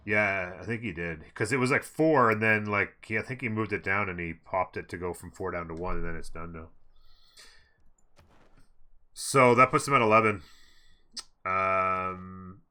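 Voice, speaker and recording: Low-voiced, bright-toned male game caster. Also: normal speed, long pauses, smooth. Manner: casual, rambling, thinks aloud with fillers. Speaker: esports caster. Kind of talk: live game commentary.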